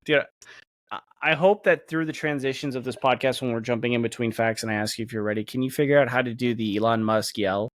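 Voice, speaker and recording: A man co-hosting a podcast, chatting casually in a loose, profane, animated way. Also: mid-range voice, quick pace, dry recording. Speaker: podcast co-host. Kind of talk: casual banter.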